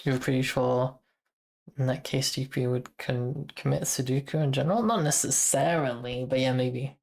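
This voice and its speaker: A woman's voice: rumbling low, normal speed, gravelly, a little mellow. A woman streaming casually as she codes, thinking aloud to her chat, trailing off and restarting with an occasional chuckle. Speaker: streamer and software developer.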